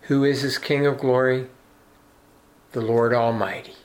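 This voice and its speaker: A man's voice: medium pitch, steady tone, a little slow, long pauses. A man preaching a sermon in an earnest, emphatic way, asking rhetorical questions. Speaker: pastor.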